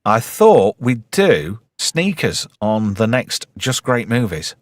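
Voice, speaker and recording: Casting note: male host, lively swinging pitch, jokey and sweary, dry close sound. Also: takes it slowly, no room sound. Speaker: podcast host. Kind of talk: casual chat.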